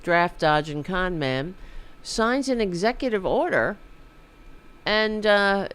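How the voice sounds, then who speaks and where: A man's voice: sits high, expressive, slow, a bit bright, smooth. A man hosting a podcast, delivering a rambling, sarcastic political commentary monologue. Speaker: podcast host.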